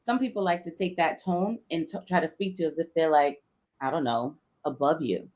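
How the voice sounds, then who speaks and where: A woman's voice: low voice, fairly quick, darkish tone. A woman co-hosting a live online panel talk, speaking bluntly and emphatically with plenty of slang. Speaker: co-host.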